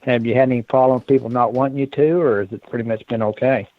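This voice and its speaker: A man's voice: mid-range voice, fairly even intonation, fast, dry recording. A man calling in to a show, rambling and chuckling in a casual chat over a dull line. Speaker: caller.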